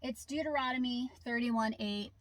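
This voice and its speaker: A woman's voice: a little high, normal speed, a bit bright, no echo. Chatty woman vlogging from her car. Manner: chatty, conversational, with fillers. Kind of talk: casual show-and-tell vlog. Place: inside her parked car. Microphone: camera in the car.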